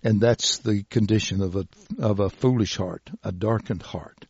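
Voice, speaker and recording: A man preaching a sermon in a slow, deliberate way, reading scripture passages aloud. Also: fairly low pitch, steady tone, darkish tone, breathy edge, no echo, lo-fi sound.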